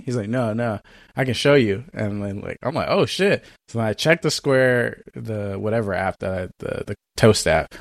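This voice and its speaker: Animated man telling a story. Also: mid-range voice, moderate pace, no room sound, clean studio sound. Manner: animated, acts out both sides of a story. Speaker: podcast co-host. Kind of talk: casual storytelling chat.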